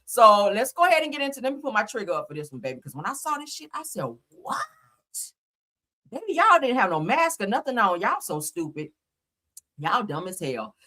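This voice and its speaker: A woman's voice: medium pitch, very animated, fairly quick. Laughing, profane woman gossip host. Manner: loud, laughing, profane, talks straight to viewers. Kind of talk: casual gossip commentary.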